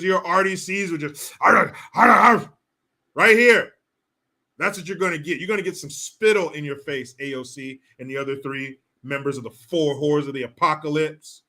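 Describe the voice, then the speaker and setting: A man's voice: a little high, pushed and bright. A man hosting a political commentary stream, ranting in a crude, mocking way and reading out chat comments. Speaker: host.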